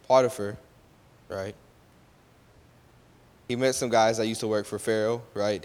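A man's voice: on the low side, a little mellow. A man casually retelling a Bible story, often checking in with his listeners and correcting his own slips. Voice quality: loose and conversational, often checks with "right?" and corrects himself. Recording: long hall reverb.

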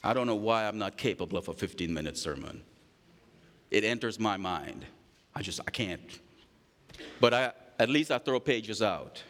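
A man preaching a sermon, reading scripture aloud and acting out the voices of the people in the story with lively, animated delivery. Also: on the low side, moderate pace, pauses often, long reverb tail. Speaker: pastor.

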